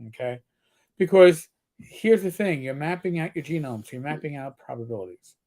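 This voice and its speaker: A man's voice: fairly high pitch, animated, normal speed, mellow. A middle-aged man, a former police officer co-hosting a livestream, telling blunt, profane stories in casual chat. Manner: blunt storyteller, swears freely.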